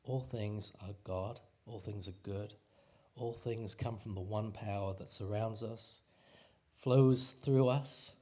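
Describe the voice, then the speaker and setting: A man speaks in a lowish voice, at an unhurried, leisurely pace. He gives a relaxed, joking sermon, with frequent fillers and restarts. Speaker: speaker at a spiritual community service. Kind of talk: casual sermon talk.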